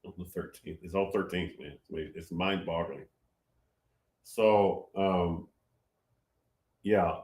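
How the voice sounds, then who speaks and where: A man's voice: sits low, slow pace, long pauses, a little mellow, roomy sound. A man hosting a prophetic livestream, talking casually and reading viewer comments, rambling and repeating himself with emphasis.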